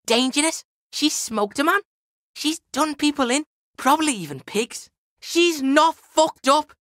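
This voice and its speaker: A brash, swaggering street kid from a video game, played by a woman, who is foul-mouthed and always talks about himself in the third person. The voice is high and bright. It sounds dry and close. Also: no echo. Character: foul-mouthed cocky young street boy. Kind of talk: video game character acting.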